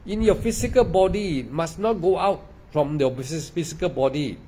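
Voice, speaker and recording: A man's voice: fairly high pitch, normal speed, darkish tone, a little hiss or hum. A man giving a meditation dharma talk, repeating himself and peppering his speech with "ah" and "lah". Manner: repetitive, emphatic, with frequent "ah" and "lah". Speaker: meditation teacher.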